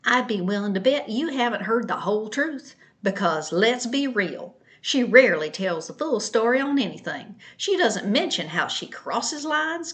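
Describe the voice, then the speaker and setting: Woman mimicking a higher-pitched sister-in-law, snippy, condescending, indignant, mocking read-aloud. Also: a bit bright.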